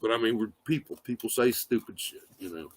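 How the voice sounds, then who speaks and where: A man's voice: lowish voice, a little fast, husky, no room sound. A man rambling casually on a livestream, swearing often and leaning on fillers. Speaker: livestream host. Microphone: phone.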